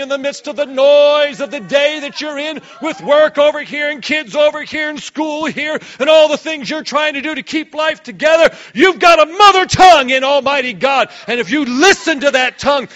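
A male pastor delivers a high-energy sermon, sinking low and quiet before erupting in sudden shouts. The sound is lo-fi.

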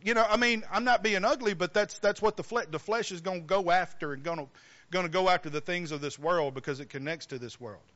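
A man's voice: sits high, quick pace, fairly bright tone, muffled recording. A man preaching a sermon, emphatic and calling out questions to the congregation.

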